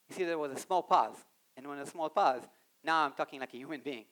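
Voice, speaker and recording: Man, conference speaker, somewhat high pitch, animated, addresses audience, live stage talk. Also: brisk. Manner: acts out quoted voices in his talk.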